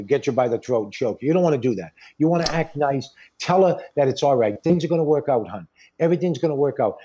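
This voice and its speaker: A middle-aged man talks in loose, rambling bursts, joking and circling back over the same point. His voice is husky and dark, and the recording sounds dull and lo-fi. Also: medium pitch. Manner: rambling, jokey, repeats himself. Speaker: advice-giving show guest. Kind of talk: casual chat.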